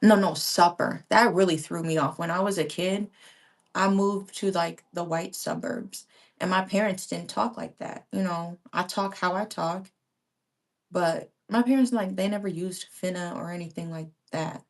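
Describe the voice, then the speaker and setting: A woman's voice: fairly low pitch, steady tone, moderate pace, far from the mic. A woman in her thirties chatting casually with viewers while she crafts at home, rambling with slangy asides. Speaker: crafting vlogger. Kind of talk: casual live-stream chat while crafting. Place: home, by a window. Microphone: small handheld pink microphone.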